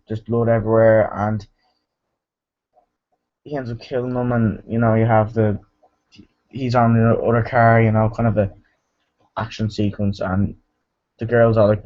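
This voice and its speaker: A man's voice: mid-range voice, darkish tone. Rambling man reviewing a movie, dull lo-fi sound. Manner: rambling, full of fillers and restarts. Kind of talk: casual spoken movie review.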